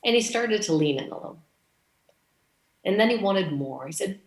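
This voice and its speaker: A woman's voice: medium pitch, expressive, normal speed, echoey room. A woman from Canada giving a conference speech, telling a story and acting out the dialogue. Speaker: conference speaker.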